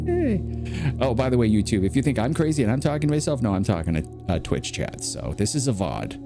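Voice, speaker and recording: A man streaming a video game, chatting casually and telling rambling, animated stories. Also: mid-range voice, a little fast, gravelly, music in the background. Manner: rambling, animated storyteller who acts out quotes.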